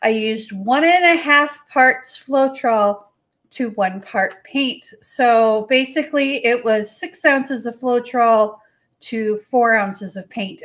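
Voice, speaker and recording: A woman's voice: on the high side, a bit bright. A woman hosting a live painting demo, chatty and folksy, talking to her paint as she works. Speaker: host.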